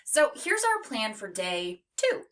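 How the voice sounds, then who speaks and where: A woman teaching a children's phonics lesson, slowly stretching out and modeling each sound. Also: on the high side, huge pitch swings, fairly bright tone. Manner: slow, exaggerated sound modeling.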